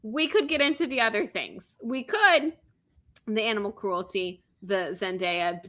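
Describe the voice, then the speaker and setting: A woman's voice: medium pitch, expressive, a little slow, bright, forceful tone. A woman in her thirties co-hosting a podcast, delivering a comedic, exasperated rant full of sarcasm and swearing. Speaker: podcast co-host.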